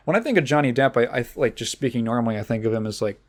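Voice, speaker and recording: A man's voice: mid-range voice, lively intonation, racing, hardly any pauses. Rambling male podcast host. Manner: rambling, with many restarts and fillers. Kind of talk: casual solo podcast chat.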